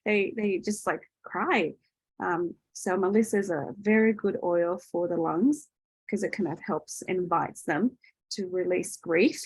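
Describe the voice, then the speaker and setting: A woman hosts an online workshop from a video call and talks loosely and chattily, full of "um"s and "okay?"s. Her voice is a touch husky. The sound is dry and close. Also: lowish voice, a little slow, no room sound, rough recording. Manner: chatty, loose, with many fillers and tag questions. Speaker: workshop host. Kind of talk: casual teaching in an online workshop.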